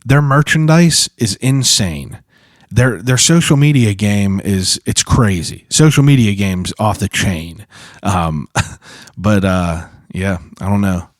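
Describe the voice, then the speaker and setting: A man's voice: fairly low pitch, takes it slowly, no echo, studio quality. A man hosting his own podcast solo, talking in a casual, profane, rambling way full of fillers. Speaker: podcast host.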